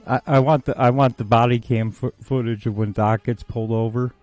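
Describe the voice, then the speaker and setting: A man's voice: medium pitch, steady tone, fairly quick, darkish tone, no room sound, soft background music. Joking male livestream co-host. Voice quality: joking, laughs often. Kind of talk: casual chat.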